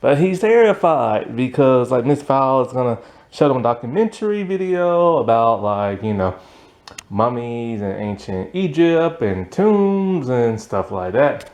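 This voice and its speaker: A man's voice: mid-range voice, very animated, measured pace, a little mellow. A man casually reviewing a cartoon episode, rambling with many "like" fillers, sleepy late at night. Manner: rambling, filler-heavy with frequent "like".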